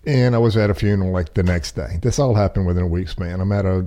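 Man, middle-aged, deep voice, casual rambling storytelling, self-deprecating, folksy. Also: fast talker, warm tone. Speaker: podcast guest.

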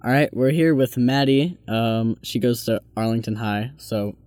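A teenage boy playfully hosting casual student interviews, quick to laugh. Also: mid-range voice, darkish tone, dry recording, clean studio sound. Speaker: host.

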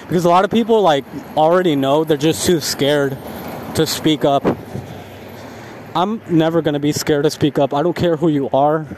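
A man venting in a casual storytime rant, swearing heavily and animated. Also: a little high, normal speed, background noise. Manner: heavy profanity, animated ranting with laughs. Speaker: vlogger.

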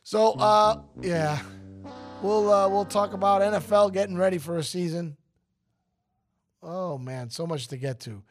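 A man's voice: high-pitched, unhurried, faint music behind. A man hosting a radio show, chatting casually, joking and rambling.

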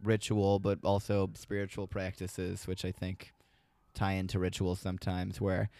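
A man's voice: sits low, completely flat delivery, normal speed, darkish tone, smooth, no echo. A man co-hosting a podcast, laid-back and joking in casual chat, swearing now and then. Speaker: podcast co-host.

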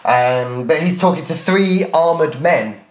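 A man's voice: on the high side, animated, measured pace, roomy sound. A man narrating a tabletop game as game master, playful and descriptive. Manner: playful, descriptive, laughs at own jokes.

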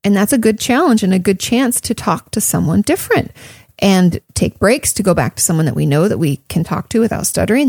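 A woman's voice: mid-range voice, gravelly, a little mellow, dry recording, clean studio sound. A woman therapist answering listener questions in a casual, conversational way, often saying "like" and "um" and repeating her points for emphasis. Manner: conversational, frequent "like" and "um", emphatic repetition. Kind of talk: casual advice talk.

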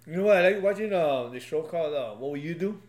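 A man's voice: a little high, animated, quick pace, darkish tone, reverberant. A father in casual podcast chat, telling loose anecdotes and leaning on filler words.

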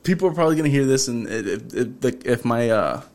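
A man's voice: medium pitch, expressive, fairly quick, darkish tone. A man with a mid-range voice tells a story in a casual podcast chat. He laughs often and swears freely.

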